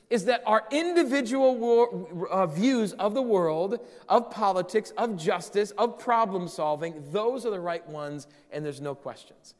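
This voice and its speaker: Pastor, male, high voice, earnest sermon delivery that repeats key lines; reverberant room.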